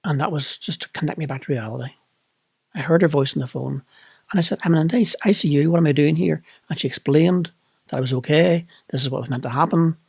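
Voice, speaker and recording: A man's voice: fairly high pitch, fast, vocal fry, darkish tone, husky, no room sound. A middle-aged man with a Northern Irish accent, candidly recounting a personal experience in a reflective monologue. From Northern Ireland. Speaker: vlogger.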